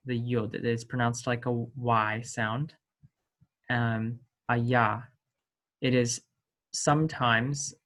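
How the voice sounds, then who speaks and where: A man gives an unscripted language lesson at a very slow, unhurried pace. He hesitates often and corrects himself as he goes. He sounds out each example with care, in a voice of middling pitch. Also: fairly bright tone. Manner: slow, hesitant, many ums and self-corrections; voices sample sounds with emphasis. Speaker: teacher.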